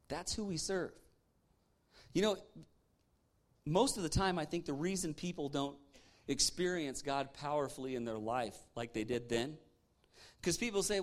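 A man preaching a sermon as pastor, animated and punchy, with sarcastic asides and rhetorical questions to the congregation. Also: fairly high pitch, measured pace, long pauses.

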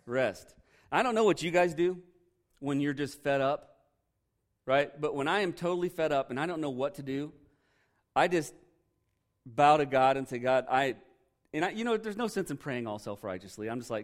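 A man preaching a sermon in a conversational way, often pausing to quiz his congregation. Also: mid-range voice. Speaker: pastor.

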